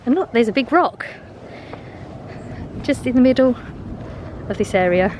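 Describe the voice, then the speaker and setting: A woman chats away to her handheld phone as she walks her dogs outdoors, her voice sitting slightly high. She rambles, laughs often and sounds a bit out of breath. Faint outdoor noise runs underneath. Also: lively intonation, measured pace. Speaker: vlogger. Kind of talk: rambling chatty vlog on a dog walk. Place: outdoors on a walk.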